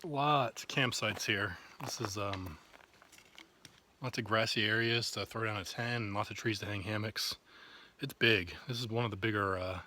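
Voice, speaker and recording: A man vlogging casually outdoors on a backpacking trip, relaxed and rambling with fillers. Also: lowish voice, normal speed, slight background noise. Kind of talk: casual trail vlog. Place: outdoors in the woods on a trail.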